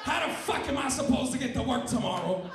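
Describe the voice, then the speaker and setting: A whiny, demanding grown man who screeches insults and complaints, put on by a male comedian. His voice is pushed very high and shrill. It sounds stage-loud in a cavernous echoing space with a faint crowd behind it. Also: lively intonation, brisk, music in the background. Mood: frantic. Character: cranky foul-mouthed grown man, shouty and demanding. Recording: very echoey room with faint crowd.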